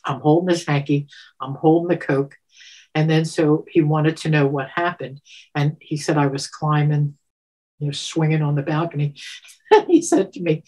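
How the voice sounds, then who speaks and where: This seventies-aged interviewee tells a story from her own life in a lively way. She laughs a lot, voices quoted speech with abrupt pitch leaps, and becomes emotional, breaking off and starting over.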